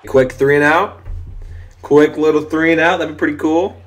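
A young man giving loose, profane live commentary over a football video game, shouting at big plays. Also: on the high side, normal speed, soft background music. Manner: excitable, swears often, shouts at big plays. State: voice briefly giving out. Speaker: gaming commentator.

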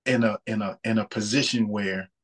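A man's voice: lowish voice, fairly even intonation, normal speed. A man, talking about faith in a casual, earnest way and often repeating words as he thinks. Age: 30s.

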